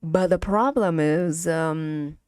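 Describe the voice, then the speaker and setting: Young woman, Vietnamese accent, casual stream teacher; unhurried and halting, slightly low voice, dry close sound. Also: a little mellow, clear, resonant tone, no echo. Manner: slow, halting, many fillers and repeats, laughs often. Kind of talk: casual language lesson stream.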